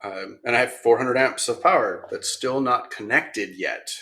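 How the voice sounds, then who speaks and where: A man talking as a podcast guest in casual storytelling style, rambling with many ums and restarts and turning animated when he quotes other people. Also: medium pitch, moderate pace. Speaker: podcast guest, machine shop owner.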